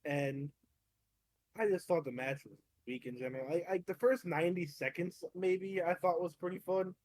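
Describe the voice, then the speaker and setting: A man co-hosting a casual podcast, giving opinions with stammered restarts and the odd curse. His voice sits fairly high. The recording is dry and close. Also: moderate pace, dry recording. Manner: relaxed, stammering restarts, swears for emphasis. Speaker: podcast co-host. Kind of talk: casual chat.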